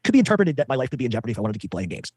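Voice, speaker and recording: Rapid-fire husky man. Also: medium pitch, big pitch swings, a little mellow, no room sound. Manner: rambling, many restarts. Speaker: podcast guest. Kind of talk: storytelling in an interview.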